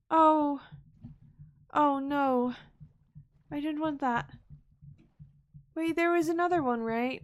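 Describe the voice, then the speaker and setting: Female streamer, higher voice, playful running commentary with whispered asides. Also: expressive, slow pace, pauses often. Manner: playful, chatty self-talk while playing; repeats words and whispers asides. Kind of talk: live gameplay commentary.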